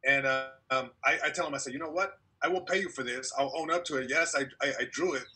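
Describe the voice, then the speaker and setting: A man's voice: medium pitch, fast, over music. A young man and comedian guest telling a long story in casual podcast chat over a video call, acting out quotes and laughing along the way.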